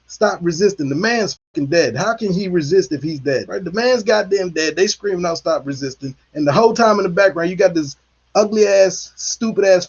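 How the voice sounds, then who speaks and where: A man's voice: high voice, slightly rough, highs cut off. A man hosting a heated solo commentary, ranting angrily and swearing a lot. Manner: angry, profane ranting. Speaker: political commentary host.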